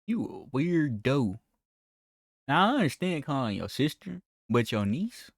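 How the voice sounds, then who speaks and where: Animated, crude reaction host, dry sound. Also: male voice, mid-range voice, unhurried, gravelly, dry recording. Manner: blunt, profane, mocking, laughs at the clips. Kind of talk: casual commentary.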